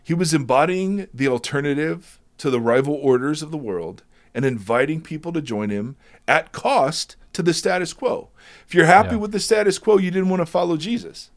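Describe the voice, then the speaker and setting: A man talking about Jesus and scripture in a relaxed conversation, emphatic, sometimes teary and emotional. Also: on the high side, normal speed. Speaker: Bible teacher in discussion. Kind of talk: conversational Bible discussion.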